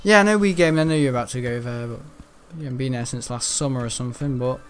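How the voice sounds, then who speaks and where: A man's voice: medium pitch, quick pace. Rambling man gaming. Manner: rambling, chatty, laughs often, excitable outbursts. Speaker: gaming channel host. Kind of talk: casual gameplay commentary.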